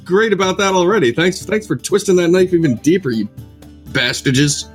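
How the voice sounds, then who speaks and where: A man's voice: high-pitched, normal speed, soft background music. A man on a casual podcast, teasing and complaining in a playful way.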